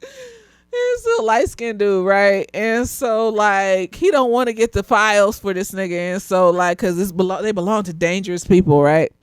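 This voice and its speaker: A woman's voice: mid-range voice, steady tone, normal speed, hardly any pauses, clean tone, no echo. A slightly tipsy woman, animatedly reviewing a TV show in casual chat, laughing often and swearing freely.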